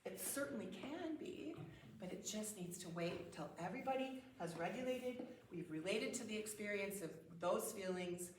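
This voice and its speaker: A woman's voice: medium pitch, lively intonation, normal speed, a little hiss or hum. A woman giving a talk at a parenting conference, conversational, often acting out example phrases and laughing. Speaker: conference speaker. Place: church hall. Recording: echoey room, mic at a distance.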